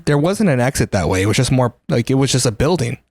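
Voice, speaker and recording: A young man in casual podcast chat on a voice call, tossing out deadpan joking quips. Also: mid-range voice, fast talker, slightly rough, no echo, studio quality. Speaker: podcast participant. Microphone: remote call over voice chat.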